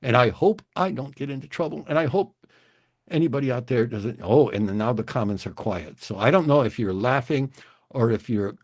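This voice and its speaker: A man's voice: medium pitch, fairly quick. A man in his sixties, originally from the Chicago area, hosting a livestream and telling a rambling, hesitant story full of restarts. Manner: rambling, hesitant, self-interrupting. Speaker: livestream host.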